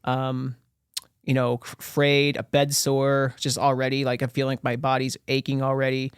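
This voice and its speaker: A man's voice: mid-range voice, completely flat delivery, normal speed, clean tone, dry recording, studio quality. A man from a small town in Pennsylvania, a podcast guest telling his story in a candid, self-deprecating, joking way. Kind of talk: casual storytelling interview.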